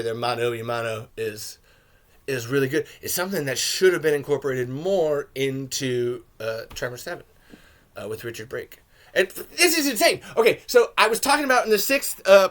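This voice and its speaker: A man hosting a podcast, giving a rambling, casual film commentary with swearing and sudden shouted jokes. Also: a little high. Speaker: podcast host reviewing a film.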